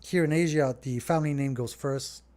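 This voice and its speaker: Mellow-voiced French Canadian man. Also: on the high side, moderate pace. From Canada, Montreal. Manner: relaxed, rambling, talks straight to viewers. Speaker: restaurant owner hosting a Q&A. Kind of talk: casual solo Q&A podcast.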